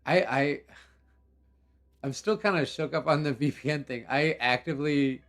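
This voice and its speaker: A man's voice: a little high, normal speed, a bit bright. A young man hosting a game live stream, talking casually with slang and laughing as he reacts. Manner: laid-back, laughing, rambling with slang. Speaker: livestream host. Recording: faint background music.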